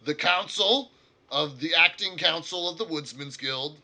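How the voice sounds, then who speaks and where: A man's voice: fairly high pitch, sharp tone, voice pushed up. A man voicing a stern orc guild councilor who speaks formally. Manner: formal, measured.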